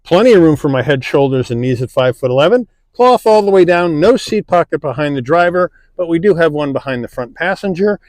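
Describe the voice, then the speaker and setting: A man narrating a car review, calmly listing interior features one by one, recorded inside a car. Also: a little high, brisk, hardly any pauses, no room sound. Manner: relaxed, plain-spoken, listing features one by one.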